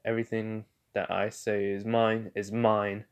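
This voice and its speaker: A man's voice: lowish voice, level tone, a little slow, clear, resonant tone. A man voicing a cruel, controlling witch queen, haughty and outraged, in a casual fan retelling.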